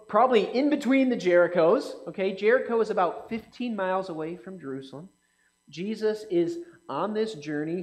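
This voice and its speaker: A man with a high, light voice preaching in a relaxed, conversational way. He keeps asking his listeners questions and acts out the characters' lines in quick bursts. His tone shifts between bright and hushed as he teaches. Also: low-quality recording. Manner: animated, asks the audience questions, acts out quotes. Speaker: pastor or Bible teacher. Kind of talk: conversational sermon. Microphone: speaking to a live group, slide on screen.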